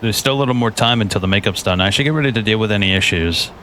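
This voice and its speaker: A man gives casual, joking let's-play commentary. His voice sits fairly low and relaxed. Clear game noise runs beneath him. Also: racing. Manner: laid-back, joking. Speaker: gaming streamer.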